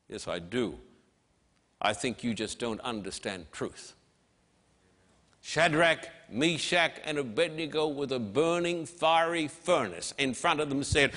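Slow, bright-voiced male preacher in a hall. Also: mid-range voice, lively intonation. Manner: emphatic, measured preaching with dramatic pauses. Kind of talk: sermon. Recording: long hall reverb.

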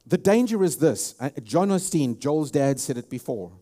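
The man's voice is fairly high, expressive, and mellow, moving at normal speed. He's a South African–accented pastor giving a sermon, emphatic throughout, repeating words and restarting frequently.

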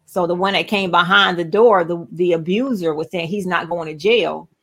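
A woman's voice: fairly low pitch, fairly even intonation, normal speed, a bit bright, poor audio. A woman hosting a talk show, chatting casually with many fillers and asides. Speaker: host.

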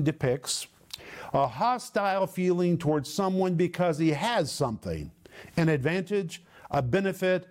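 A male Bible teacher with a somewhat high voice. He teaches in an emphatic, deliberate way and slows down to press on the words that matter. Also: darkish tone.

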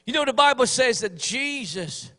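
A man's voice: very high-pitched, expressive, moderate pace, pushed and bright, long reverb tail. A male pastor preaching a Sunday sermon, fervent and repetitive, calling on the congregation to respond. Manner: fervent, repetitive, mimics pleading prayers.

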